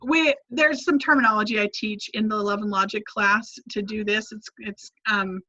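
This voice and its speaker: Bright-voiced woman giving parenting advice. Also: mid-range voice, steady tone, normal speed, muffled recording, slight background noise. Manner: conversational, many restarts, models phrases to say to kids. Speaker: parenting class instructor. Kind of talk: advice in a live Q&A.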